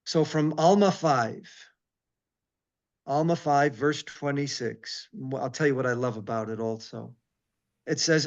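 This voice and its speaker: Male rabbi guest, middle pitch, emphatic devotional reader with earnest asides, slightly dull audio. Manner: reads scripture slowly and emphatically, breaks off with asides. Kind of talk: devotional reading and reflection.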